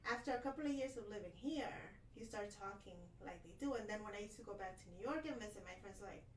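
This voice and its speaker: A woman's voice: medium pitch, quick pace, slight background noise. A young adult woman co-hosting a podcast, chatting casually and switching between English and Spanish mid-sentence. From United States. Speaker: podcast co-host. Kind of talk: casual bilingual chat. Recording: roomy sound from off-mic.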